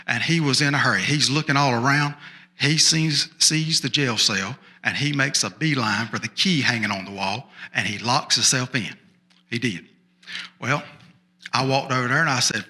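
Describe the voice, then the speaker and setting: Guy telling a sheriff tall tale on a festival stage, gravelly, bright punchy voice, drawls and keeps talking to the crowd. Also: mid-range voice, expressive, moderate pace. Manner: drawling, chatty asides to the audience, repeats for effect. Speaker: storyteller. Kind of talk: folksy first-person tall tale told as a small-town sheriff.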